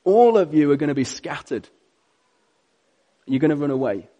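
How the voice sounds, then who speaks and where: A man doing a calm, grave teacher. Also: normal speed, lo-fi sound. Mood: solemn. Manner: low, soft, gentle.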